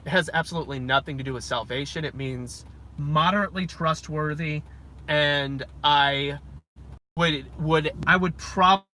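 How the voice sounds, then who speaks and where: A man's voice: fairly high pitch, measured pace, poor audio. A young man vlogging in a vehicle, musing aloud in a digressive, self-interrupting way. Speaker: Christian vlogger. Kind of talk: rambling casual monologue. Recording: loud road noise. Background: loud vehicle and road noise.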